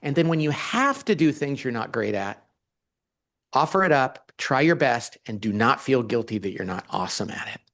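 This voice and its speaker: A man, a guest author in a conversational interview, talking in an animated way and acting out quoted dialogue as he tells stories. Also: medium pitch, moderate pace.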